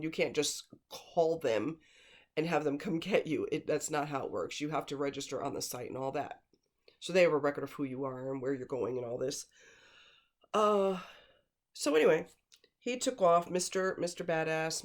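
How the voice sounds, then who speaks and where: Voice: mid-range voice, expressive, normal speed. Blunt, emphatic true-crime commentator. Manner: emphatic, repeats words for stress; rambling, with digressions and fillers. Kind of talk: casual spoken commentary.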